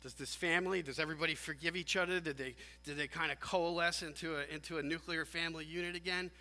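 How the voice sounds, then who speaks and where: A man preaching a sermon as pastor, animated and emphatic, often restarting his phrases. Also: on the high side, fast talker. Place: church sanctuary. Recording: long church hall reverb.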